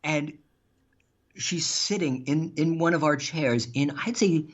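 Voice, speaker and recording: A man's voice: a little high, slow pace. A man telling funny stories on a podcast as a guest, laughing as he goes. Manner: animated, laughs while telling anecdotes. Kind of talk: casual storytelling. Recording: dull lo-fi sound.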